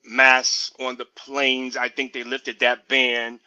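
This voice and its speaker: A man from the United States, a musician guest, talking in a relaxed, easygoing way and often saying "you know". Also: mid-range voice, takes it slowly, dull audio. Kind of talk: casual interview chat.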